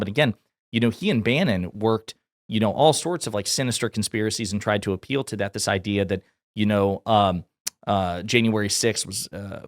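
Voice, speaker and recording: A man's voice: fairly low pitch, no echo, studio quality. A man from Kentucky giving casual political commentary in a blunt, sarcastic, profane way.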